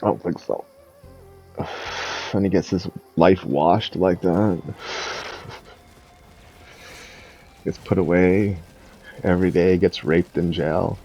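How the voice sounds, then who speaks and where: A man's voice: deep voice, fairly even intonation, drawn-out words, pauses often, darkish tone, breathy edge, lo-fi sound, faint music behind. A young man ranting in a casual, profane and mocking way, rambling between thoughts. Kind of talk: casual rant.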